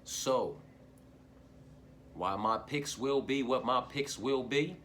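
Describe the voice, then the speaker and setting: A man's voice: medium pitch, slow pace, a bit bright, slight background noise. A man hosting a fight-betting picks channel, talking in a profane, rambling, fired-up way with lots of slang fillers. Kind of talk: casual solo picks monologue.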